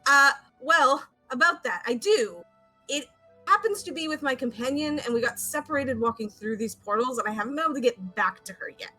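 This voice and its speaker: A woman plays her character in a tabletop game, polite and a little hesitant. Her voice is high and bright. Faint music plays in the background. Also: animated, brisk, poor audio. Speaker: player. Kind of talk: in-character tabletop role-play.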